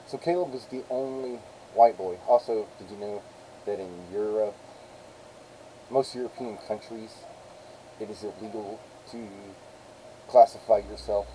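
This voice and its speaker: Dark-voiced man telling stories. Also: on the low side, steady tone, a little slow, pauses often, slight background noise, poor audio. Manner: rambling, acts out quoted people. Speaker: live streamer. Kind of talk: casual storytelling.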